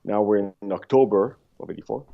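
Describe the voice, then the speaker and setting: A man in his fifties, a podcast guest, telling rambling, animated stories in a casual interview, with frequent restarts. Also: fairly low pitch, a little fast, vocal fry. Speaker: podcast guest, former luge athlete. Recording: dull lo-fi sound.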